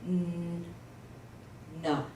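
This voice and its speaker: A woman tutoring a student in Hebrew reading in a casual one-on-one lesson, patiently sounding out letters and syllables slowly. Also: on the low side, level tone, mellow, reverberant, far from the mic, a little hiss or hum, poor audio.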